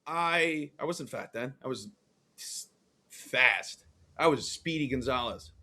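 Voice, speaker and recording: A man co-hosting a sports-betting podcast, telling a story in an animated way and acting out the voices of the people in it. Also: medium pitch, slow pace. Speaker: podcast co-host.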